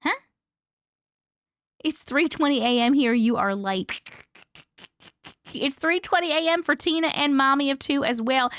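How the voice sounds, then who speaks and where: A woman with a high voice hosts a relaxed home live stream, reading viewer stories and chatting as she goes, a little slow with long pauses. She's playful and chatty, laughs often, swears casually, and coughs now and then like she needs a cough drop. The sound is dry and close, with little room echo.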